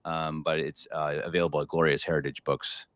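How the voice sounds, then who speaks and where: A man's voice: a bass voice, level tone, brisk, a bit bright, no room sound. An American man hosting a live podcast, talking casually with lots of fillers and repeated words. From United States. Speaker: podcast host.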